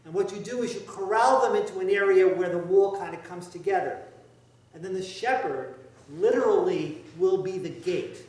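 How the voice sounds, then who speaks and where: A priest delivering a conversational, wry and emphatic sermon, with asides to the congregation. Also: male voice, sits high, darkish tone. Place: church sanctuary. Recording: echoey church, heard from far off.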